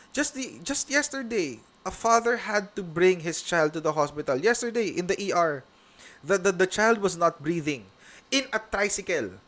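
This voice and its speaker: Bright-voiced Filipino man, emphatic commentary. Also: high voice. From Philippines. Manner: emphatic, repetitive, mixing English and Tagalog. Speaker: vlog reaction host. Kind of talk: heated reaction commentary.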